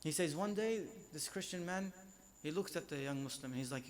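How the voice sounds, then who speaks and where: A man's voice: fairly high pitch, moderate pace, slight background noise. A man delivering a religious lecture at an Islamic centre, speaking emphatically and building up force on repeated phrases.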